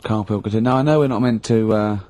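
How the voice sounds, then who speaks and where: A man's voice: fairly low pitch, steady tone, darkish tone, dry recording. A male radio host ranting on air in an exasperated way. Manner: exasperated, quick to rant. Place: radio studio.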